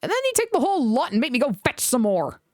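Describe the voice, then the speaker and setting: A woman voicing a cross male painter in a storybook reading, grumbling quickly and irritably. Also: mid-range voice, wildly swooping pitch, no room sound, studio quality.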